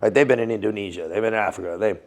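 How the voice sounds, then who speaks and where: Gravelly, slangy man telling war stories. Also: lowish voice, racing. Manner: swearing, slangy, animated storyteller with frequent laughs. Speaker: guest, former Navy SEAL and Foreign Legionnaire. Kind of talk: casual interview storytelling.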